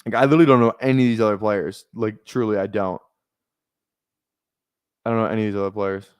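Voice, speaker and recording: A man's voice: fairly low pitch, steady tone, fast talker, clear, resonant tone, dry recording. A young man casually commenting on a live fantasy football draft stream, rambling, repeating himself and swearing freely.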